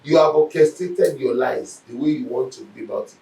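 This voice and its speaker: A male Bible teacher gives a lesson, telling stories animatedly and acting out what people said. His mid-range voice is brisk, recorded from a distance in an echoey room.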